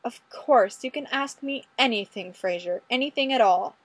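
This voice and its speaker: A woman's voice: fairly high pitch, normal speed, breathy edge, no echo. An eager, smug young office clerk gushes her replies, as a woman reads her. The voice lifts a touch above her narration and sounds dry and close. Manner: eager, gushing.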